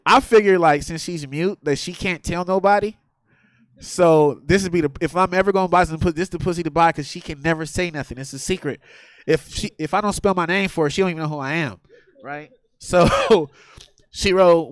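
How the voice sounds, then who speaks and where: A man with a high voice tells a crude, animated stand-up story, laughing as he goes. The sound is dry and close on the mic. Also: brisk, smooth, no echo. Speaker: stand-up comedian. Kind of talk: stand-up set. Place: comedy theater stage.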